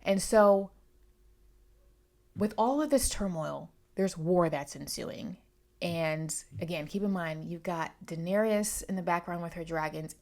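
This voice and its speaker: Chatty low-voiced woman reviewing books. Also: darkish tone. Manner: chatty, digressive and emphatic. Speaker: book reviewer. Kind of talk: casual vlog book review.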